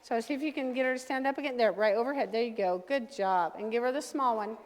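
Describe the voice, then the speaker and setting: A woman dog trainer leading a hands-on class, giving brisk, direct commands to owners and their dogs. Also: on the high side, a little mellow. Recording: long reverb from a large room.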